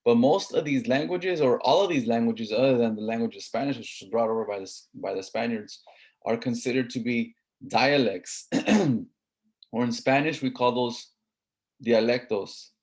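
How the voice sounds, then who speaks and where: A man's voice: medium pitch, moderate pace, a little mellow. A man with a Southern Californian accent giving a classroom lecture in a conversational way, often checking in with "right?". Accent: Southern Californian English.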